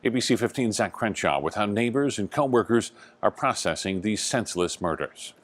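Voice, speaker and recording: A man anchoring a news program in a formal, measured delivery. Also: lowish voice, expressive.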